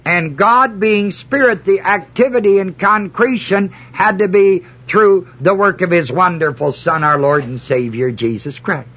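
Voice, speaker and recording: Man, Bible teacher, husky and fairly high voice, unhurried verse-by-verse teaching. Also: highs cut off. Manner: slow and deliberate, emphatic on key words; reads scripture aloud in a measured cadence.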